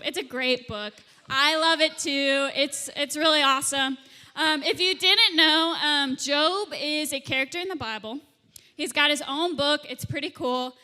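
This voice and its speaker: Speaking to middle schoolers in a church youth room, this young youth leader keeps her talk playful and chatty, acting out small scenes. Her high-pitched voice is pushed and bright, recorded with a reverberant hall sound.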